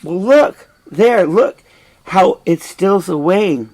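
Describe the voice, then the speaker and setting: A man's voice: medium pitch, takes it slowly, mellow, rough recording. A man reading a young prince's lines, reciting the verse raised and emphatic. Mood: urgent. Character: young prince, bitter and anguished.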